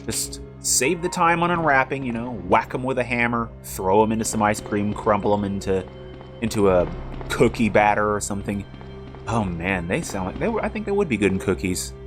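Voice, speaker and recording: A man's voice: on the low side, animated, normal speed, music in the background. A man streaming a video game, chatting casually with rambling, jokey asides as he plays. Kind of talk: casual live-stream commentary.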